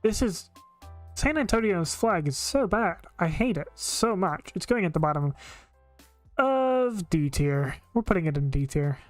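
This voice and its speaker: A woman's voice: lowish voice, lively intonation, unhurried, faint music behind. A woman streaming live, giving blunt, opinionated casual commentary with frequent filler words.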